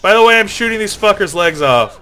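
A young man chatting casually while playing a game with friends, joking and swearing, sometimes breaking into shouts. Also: sits high, expressive, a little fast, poor audio. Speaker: gamer. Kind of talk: casual gaming chat.

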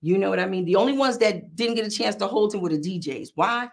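Gravelly, animated woman telling a story. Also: medium pitch, fast. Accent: New York. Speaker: podcast host. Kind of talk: casual storytelling.

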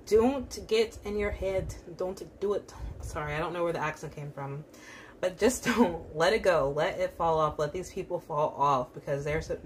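A woman's voice: lowish voice, slight background noise. Encouraging woman giving a tarot reading. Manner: encouraging, repetitive affirmations; casual with frequent fillers. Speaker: tarot reader. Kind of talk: pick-a-card tarot reading.

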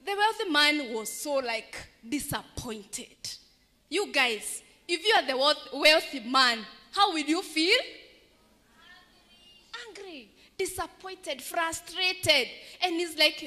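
A woman telling an animated children's story in church and asking the children questions. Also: high voice, takes it slowly. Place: large church. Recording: echoey church hall.

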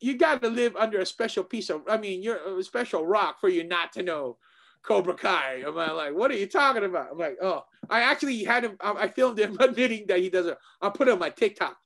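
Excitable man with a high voice. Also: brisk, gravelly. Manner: animated, excitable, repeats himself. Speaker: martial arts instructor and co-host. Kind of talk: casual chat.

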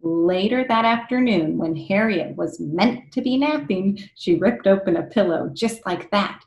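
A woman reading a picture book aloud to children, expressive and pausing to ask them questions. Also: medium pitch, creaky, muffled recording. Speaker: read-aloud storyteller for children. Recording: echoey room.

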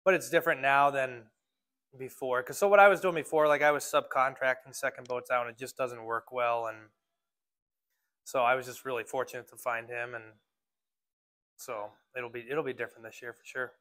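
Fishing guide talking loosely to a club. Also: male voice, medium pitch, steady tone, normal speed, pushed and bright. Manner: loose, filler-heavy, laughs easily. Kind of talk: casual talk to a club audience.

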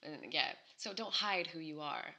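A woman's voice: low voice, a little slow, bright, forceful tone. A woman guest on a podcast, chatting casually and affirming, laughing easily. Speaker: guest actress. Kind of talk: casual interview chat.

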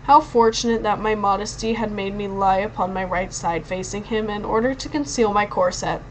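A woman narrating a novel in the first person, expressive but with occasional stumbles over words. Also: mid-range voice, normal speed, slight background noise, poor audio. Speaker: audiobook reader.

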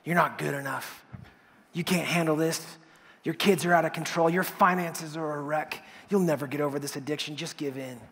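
The devil, a male liar hurling put-downs, as a preacher puts him on. The voice sits fairly high and sneers. A long hall reverb trails it. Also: fairly even intonation, moderate pace, fairly bright tone. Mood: taunting.

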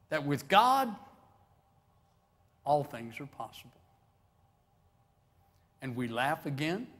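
A man's voice: fairly high pitch, a bit bright, in a large hall. A man preaching a sermon as pastor, folksy and joking, building to swelling emphasis on key phrases. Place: church sanctuary.

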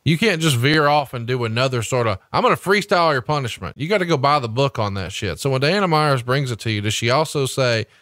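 A man's voice: mid-range voice, a bit bright, no room sound, studio quality. A man co-hosting a podcast, doing a salesy ad read and then asking questions in a casual way. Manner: salesy and emphatic, spells out web addresses slowly. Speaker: podcast co-host.

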